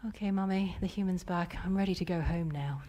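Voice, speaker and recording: A woman imitating her whiny, upset five-year-old daughter in a high wailing child's voice. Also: expressive, normal speed, in a large hall, crowd noise, background noise. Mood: calm.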